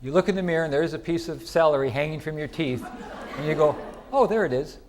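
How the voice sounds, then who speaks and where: A middle-aged man giving a conference lecture in a lively, chatty way, asking the audience questions. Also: a little high, quick pace, crowd noise. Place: lecture hall.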